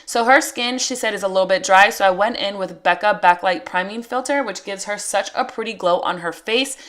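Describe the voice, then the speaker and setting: A woman talks through a makeup tutorial in a relaxed voice-over. She is chatty and walks through every step in a friendly, conversational way. Her voice sits at an ordinary middle pitch. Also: brisk. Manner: chatty, explains each step as she goes. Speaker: makeup artist.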